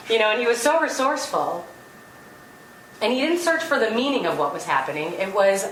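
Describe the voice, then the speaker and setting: A woman's voice: medium pitch, big pitch swings, moderate pace, long pauses, a little hiss or hum. A woman giving an earnest spiritual talk to a gathering, telling personal stories with light laughter. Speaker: spiritual speaker. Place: meeting room. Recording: roomy hall, distant mic, faint ambience.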